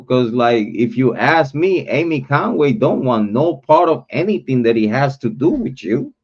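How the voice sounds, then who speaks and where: A man's voice: medium pitch, expressive, normal speed, few pauses, darkish tone, slightly rough. A man hosting a livestream, ranting bluntly and cursing a lot as he calls people out. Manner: blunt, profane call-out talk. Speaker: livestream host. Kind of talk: livestream rant. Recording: dull lo-fi livestream audio.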